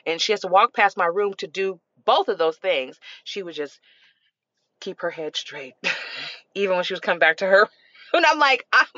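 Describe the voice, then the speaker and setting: A middle-aged woman hosting a parenting podcast, telling stories in a casual, animated way with frequent laughter. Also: on the low side, no echo, dull audio. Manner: animated, expressive, laughs often. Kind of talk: casual storytelling.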